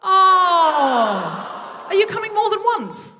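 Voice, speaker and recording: A woman's voice: very high-pitched, sing-song, takes it slowly, long reverb tail, distant mic, noisy background. A woman hosting a live comedy podcast on a theatre stage, chatty and self-mocking as she banters with the audience. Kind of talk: live stand-up hosting with crowd work. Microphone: stage microphone.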